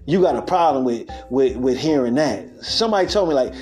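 A man's voice: mid-range voice, expressive, fairly quick, a little mellow, faint music behind. A podcast host, a man, giving a loose spiritual monologue in a street-talking way, laughing often and acting out what people said.

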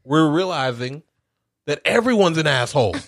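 A man co-hosting a casual podcast, recapping a movie in an animated, profane storytelling manner. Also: a little high, moderate pace. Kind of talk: casual chat.

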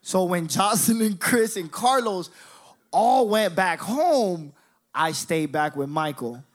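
Young male storyteller, slightly high voice, lively and profane, performs the other characters' lines. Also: slow. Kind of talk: storytelling monologue.

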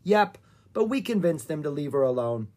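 The narrator of a storybook reading, voicing an eager, excited young girl in a raised, chirpy voice. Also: mid-range voice, normal speed.

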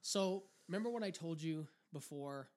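Profane, laughing podcast host. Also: male voice, on the high side, normal speed, darkish tone. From Canada. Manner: profane, laughing, rambling with restarts. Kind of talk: casual chat.

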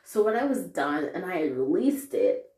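A woman's voice: on the low side, moderate pace. Young female podcast host, rambling casual update, recorded in an echoey room. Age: young adult. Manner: rambling, chatty and animated.

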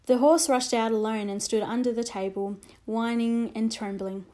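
A woman reading a children's storybook aloud in a measured, expressive way. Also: on the high side. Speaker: narrator.

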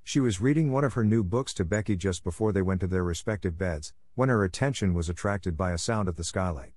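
A man reading a classic storybook aloud in a calm, measured manner. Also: deep voice, no room sound. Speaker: narrator. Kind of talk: storybook narration.

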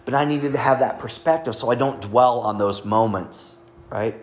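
A man's voice: mid-range voice, moderate pace. A middle-aged man, a pastor, preaching a sermon in a conversational way, reading scripture and joking with the congregation.

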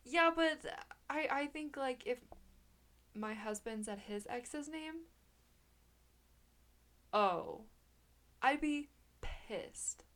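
A young woman with a slightly high voice co-hosts a podcast. She chats in a loose, playful way and giggles often. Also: lively intonation, very slow, pauses often, fairly bright tone. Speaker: podcast co-host. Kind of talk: casual chat.

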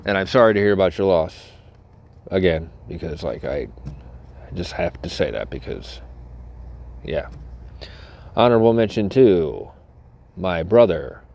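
Low-voiced, foul-mouthed rambling podcaster. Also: male voice, big pitch swings, a little slow, vocal fry, long pauses, a little mellow, slight background noise. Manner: profane, rambling, self-interrupting. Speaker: podcast host.

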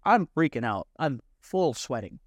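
A young adult man telling a personal story as a podcast guest, animated and swearing freely while acting out what others said. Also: mid-range voice, measured pace, no echo, clean studio sound. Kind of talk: casual storytelling.

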